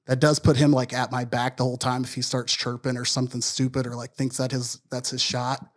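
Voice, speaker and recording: A man's voice: mid-range voice, flat delivery, brisk. A man from Wisconsin, co-hosting a podcast, telling a long story in a loose, profane, self-deprecating way. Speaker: podcast co-host. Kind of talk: casual storytelling chat.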